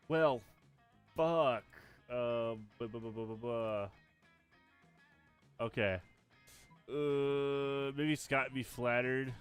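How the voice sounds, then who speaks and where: A man's voice: mid-range voice, very slow, pauses often, clear, resonant tone, soft background music. A man casually talking through a video game on a live stream, swearing and laughing now and then.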